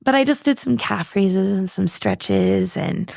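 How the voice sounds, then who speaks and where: A woman speaks into a close podcast mic, recounting her past with candid earnestness. Her voice carries a light gravelly edge, and the sound is dry and close. She stops and restarts often as she searches for the right words. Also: mid-range voice, wildly swooping pitch, darkish tone, dry recording. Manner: earnest, halting, many restarts and fillers. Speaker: podcast guest. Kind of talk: candid personal storytelling.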